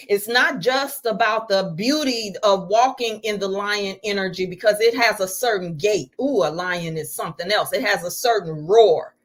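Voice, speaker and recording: A middle-aged woman teaching on spirituality in a live stream, preacherly and full of rhetorical questions. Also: medium pitch.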